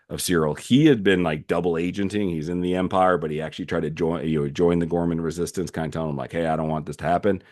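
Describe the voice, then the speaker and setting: A man hosting a solo commentary podcast, recapping a series animatedly with frequent fillers and restarts. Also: sits low. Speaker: podcast host.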